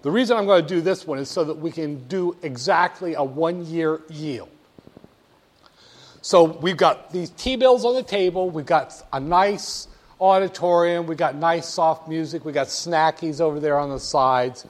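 Man, lecturer, classroom talk, playful, teasing, high-pitched. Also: measured pace. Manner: playful, teasing, talks straight to students.

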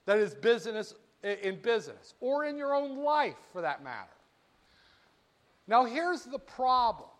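High-voiced lively male lecturer. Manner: lively, jokey, speaks straight to students. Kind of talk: classroom lecture. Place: classroom.

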